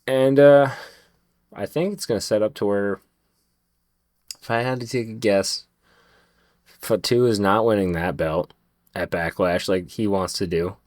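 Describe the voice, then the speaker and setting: Guy rambling thru a wrestling review, swears a lot, trips over his words, kinda low voice, dead dry room. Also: a little slow, long pauses, a little mellow, dry recording. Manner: rambling, profane, frequent restarts. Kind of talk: casual vlog review.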